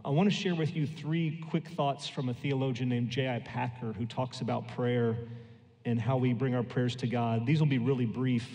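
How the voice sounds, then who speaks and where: An American man in his thirties preaching a sermon in a church, telling everyday stories in a conversational way with quick lively asides. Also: medium pitch. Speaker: pastor. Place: church sanctuary. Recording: long reverb in a church hall.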